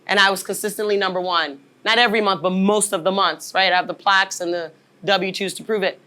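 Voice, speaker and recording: A woman's voice: medium pitch, fairly even intonation, fast talker, pushed and bright. A woman in her forties giving a motivational workshop talk as a leadership trainer, emphatic and often checking in with "right?". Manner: emphatic, keeps asking "right?" to the audience.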